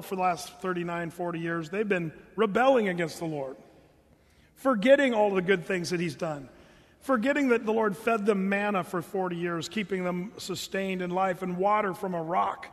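A man's voice: high-pitched, long reverb tail. A middle-aged man preaching a sermon as pastor, earnest and folksy, talking straight to his congregation.

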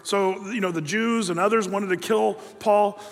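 A male preacher giving a conversational sermon, telling stories in a chatty, folksy, animated way. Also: high-pitched, normal speed. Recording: long hall reverb.

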